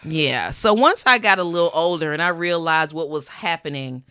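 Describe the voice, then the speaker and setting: Frank, joking woman host, low and lively. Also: moderate pace, smooth, no room sound, studio quality. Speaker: podcast host. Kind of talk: casual chat.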